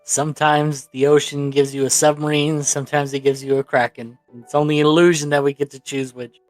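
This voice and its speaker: Brief: male player, deadpan jokes, dry close sound, faint music behind. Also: on the high side, brisk, no room sound. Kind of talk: joking tabletop chat.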